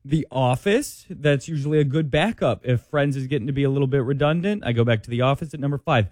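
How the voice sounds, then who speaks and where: A man, a father, co-hosting a radio segment, reading a ranked list with playful quick asides. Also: medium pitch, darkish tone, dry recording, clean studio sound. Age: adult with children. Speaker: radio show producer and co-host. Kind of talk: casual chat, reading a list.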